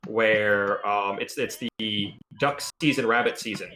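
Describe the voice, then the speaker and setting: A man's voice: lowish voice, a little slow, bright, forceful tone. A man chatting casually with friends, explaining things with eager enthusiasm. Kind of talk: casual chat among friends.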